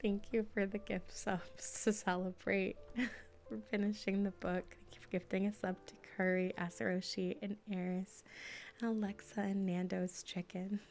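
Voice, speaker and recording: A woman streamer reading a book aloud in a soft ASMR-style voice, dropping now and then into whispers, then chatting in a halting way with fillers. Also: mid-range voice, little pitch movement. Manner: soft-spoken, slipping into whispers.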